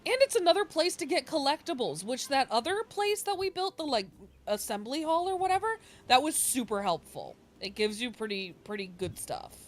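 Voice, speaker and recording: A woman hosting a video game playthrough, chatting excitedly and laughing as she plays. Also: high-pitched, normal speed. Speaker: let's play host. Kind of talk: casual gameplay commentary. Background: game music.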